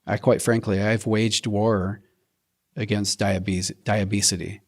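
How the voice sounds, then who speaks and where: A middle-aged man telling his health story in an interview, animated, acting out his own quotes and often restarting sentences. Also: on the low side, unhurried.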